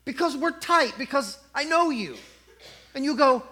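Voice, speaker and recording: High-voiced, animated male preacher. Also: a little slow. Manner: animated storytelling, acting out crowd voices. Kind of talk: sermon.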